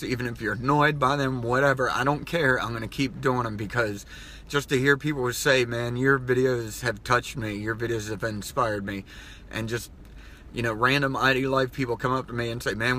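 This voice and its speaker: A man's voice: mid-range voice, pushed and bright, slight background noise. A man talking in an earnest, rambling personal vlog, choked up at times as he speaks. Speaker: vlogger.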